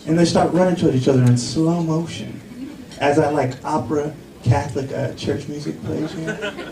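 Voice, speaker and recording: A man performing a live stand-up set on a comedy club stage, telling stories loudly and acting out voices into a handheld mic. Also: a little high, moderate pace. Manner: loud, animated storytelling with acted-out voices. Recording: live club crowd and noise.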